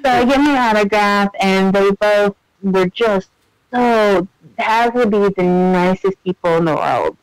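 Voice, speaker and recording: A man's voice: sits high, measured pace, clear, resonant tone, dry recording, rough recording. A man co-hosting a podcast, telling a story in casual chat with lots of fillers and laughter. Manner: chatty, animated storyteller, many fillers and laughs. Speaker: podcast co-host.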